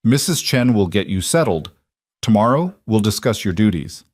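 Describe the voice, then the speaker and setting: A tired, guarded rancher, voiced by a man speaks in short, curt lines with little warmth. The voice sits low. It is dry and close, with no echo. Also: big pitch swings, moderate pace. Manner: curt, terse.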